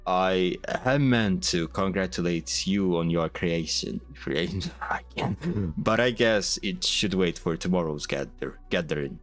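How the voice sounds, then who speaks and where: A man voicing a stern, formal older male church official, speaking gravely and in measured phrases. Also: deep voice, expressive, fairly bright tone, faint music behind. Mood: cordial. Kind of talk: amateur reading of game dialogue.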